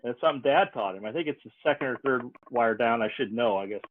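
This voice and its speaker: A man's voice: medium pitch, fast talker, slight background noise. A man hosting a podcast, folksy and joking as he asks questions, with lots of fillers. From ranch in the Nebraska Sandhills. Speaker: podcast host. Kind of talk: casual podcast chat. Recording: tinny phone-like line, dry.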